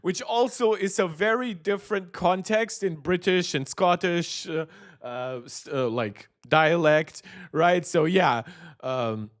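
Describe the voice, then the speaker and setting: A man streaming casually, reacting to tech videos and reading chat aloud with quick laughing asides. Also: high-pitched. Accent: mixed, not clearly regional. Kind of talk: casual live-stream commentary. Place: Berlin.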